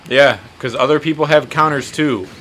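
A man's voice: on the high side, moderate pace, background noise. A man hosting a podcast, talking casually while he plays a fighting game, rambling and swearing with self-deprecating humor. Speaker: podcast host and tattoo artist.

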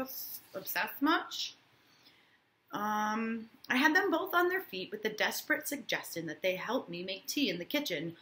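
A woman's voice: on the low side, pushed and bright. A woman teacher reading a novel aloud to her class and breaking off for casual asides, often checking in with "right?".

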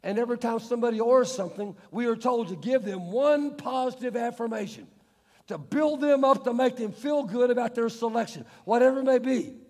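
A man preacher voicing an eager, polite male restaurant waiter who talks briskly and cheerfully. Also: extremely high pitch, darkish tone, pitched above the performer's own voice. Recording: long church-hall reverb.

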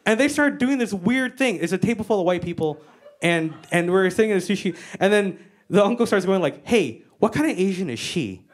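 A woman's voice: mid-range voice, brisk. Brief: a brash woman stand-up comic, profane storyteller on a handheld mic. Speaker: stand-up comedian. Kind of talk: stand-up comedy. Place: stage before a live audience.

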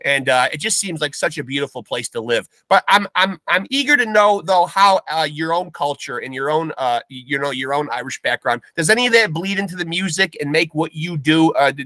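A man's voice: a little high, lively intonation, a little fast, few pauses, bright, forceful tone, no room sound. A man hosting a comedic podcast with hammy, bombastic showman patter. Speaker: podcast host.

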